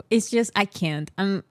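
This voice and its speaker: A woman vlogger giving casual, exasperated commentary to her viewers, repeating herself for emphasis and then talking herself calm. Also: no echo, clean studio sound. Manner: talks herself calm with deep breaths.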